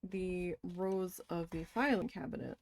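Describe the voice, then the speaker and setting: A woman casually telling a story from her past, animated and swearing as she quotes her own shocked reactions. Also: on the low side, measured pace. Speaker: crafting vlogger.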